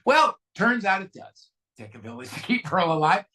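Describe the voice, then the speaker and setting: A man's voice: high voice, sing-song, moderate pace, sharp tone. A man from California sharing his recovery story at a meeting, candid and self-mocking, with many fillers and restarts. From California, USA. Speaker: guest speaker at a recovery meeting. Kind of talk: personal recovery share.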